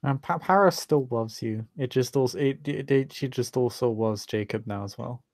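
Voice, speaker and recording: A man's voice: mid-range voice, normal speed, no room sound, studio quality. A man running a tabletop role-playing game as game master, playful and stammering, narrating and voicing characters in a casual way. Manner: stammering, playful, laughs often.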